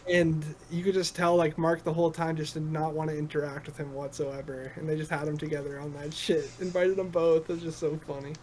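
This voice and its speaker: A young man co-hosting a casual podcast, eager and quick to agree with his partner. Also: fairly high pitch, flat delivery, a little hiss or hum. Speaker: podcast co-host. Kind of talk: casual chat.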